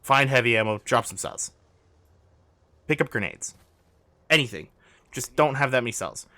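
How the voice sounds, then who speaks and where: A man talks through gameplay footage as a coach, in a bright, forceful voice whose pitch jumps around a lot. He is urgent and insistent, repeating his instructions again and again. The recording is dry and close, with no room sound. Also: lively intonation, normal speed, no room sound. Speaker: gaming coach.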